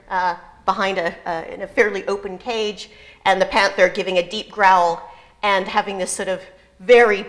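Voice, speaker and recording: A woman giving an academic conference talk, halting and full of fillers, with dry humor. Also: mid-range voice, fairly bright tone. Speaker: lecturer.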